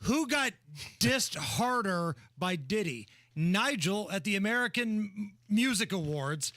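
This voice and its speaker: A man hosting a radio talk show, joking and ribbing his co-host in quick banter. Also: high voice, lively intonation, sharp tone, no echo. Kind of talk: casual radio chat. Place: radio studio.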